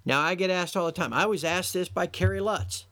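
A man's voice: sits high, a little fast, fairly bright tone. A man hosting a solo podcast, delivering an exasperated, sarcastic lecture to his listeners. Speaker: podcast host. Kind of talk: solo commentary monologue.

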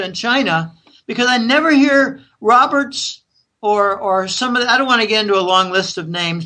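An American man rambles through stories in casual podcast talk. His voice is bright and forward, and he slips into other people's voices when he quotes them. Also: high voice. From United States. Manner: rambling storyteller, acts out friends' voices in quotes.

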